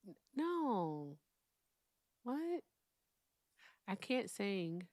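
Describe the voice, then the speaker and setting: A woman's voice: mid-range voice, very animated, extremely slow, no echo, studio quality. Chatty woman hosting a live call-in stream. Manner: chatty, swings between loud and hushed asides. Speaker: livestream host. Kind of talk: casual call-in chat.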